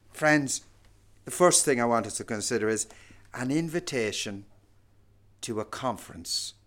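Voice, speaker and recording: A man preaching a sermon, slow and emphatic, swinging from hushed lines to loud ones. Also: medium pitch.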